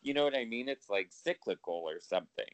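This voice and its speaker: A man's voice: medium pitch, animated, fast talker, no room sound. A man co-hosting a podcast in casual chat, talking freely with lots of swearing and laughter. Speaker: podcast co-host.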